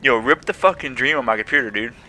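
A man's voice: medium pitch, fast talker, bright, forceful tone. Jittery young man swearing through a horror game. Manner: jittery, swearing, jumpy slangy chatter. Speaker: gaming channel host.

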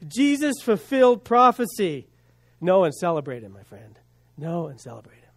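A male pastor preaching a sermon, building emphasis with rhetorical questions and dropping to quiet asides. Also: sits high, big pitch swings, normal speed.

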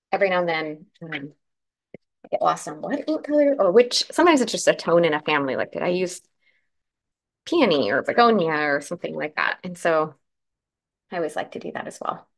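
Female craft host, croaky morning voice, friendly step-by-step live demo. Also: on the low side. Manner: chatty, explains steps while working, answers comments.

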